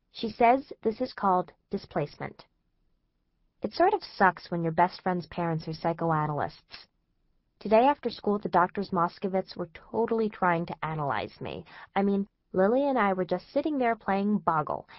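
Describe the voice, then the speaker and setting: A woman's voice: mid-range voice, no echo, dull audio. A woman narrating a first-person teen diary in a chatty, anxious, exasperated way. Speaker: audiobook narrator.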